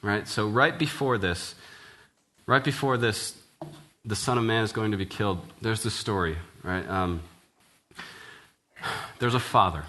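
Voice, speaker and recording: A church minister with a lowish voice preaches an earnest, conversational sermon, speaking a little slowly and pausing often. He keeps checking in with "right?", restarts his sentences casually, and ends in quiet prayer.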